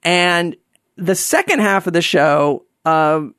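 A man telling a personal story to an audience in a self-mocking, halting way, with many restarts. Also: high voice, fairly bright tone, smooth, dry recording, clean studio sound.

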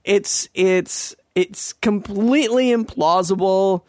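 A man's voice: high-pitched, slow, darkish tone, dry recording, studio quality. A man in a casual monologue, ranting in a sarcastic, profane and rambling way.

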